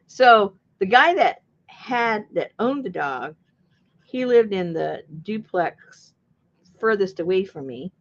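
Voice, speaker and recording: A woman's voice: mid-range voice, animated, slow, dull audio. A woman chatting casually while she crafts. She tells a long rambling story, laughs often and acts out what people said. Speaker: junk journal crafter and channel host.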